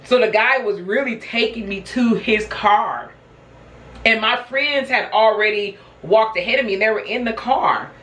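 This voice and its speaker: A woman's voice: on the high side, a bit bright, roomy sound, rough recording. A woman vlogger telling a personal story in a casual, chatty way, laughing often and talking straight to her viewers. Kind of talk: casual storytelling while snacking.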